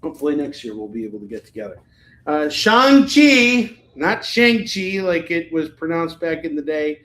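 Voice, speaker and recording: A man's voice: fairly high pitch, fairly even intonation, brisk, reverberant, poor audio. A man hosting a live comic book sales stream, chatting casually in a rambling, jokey way.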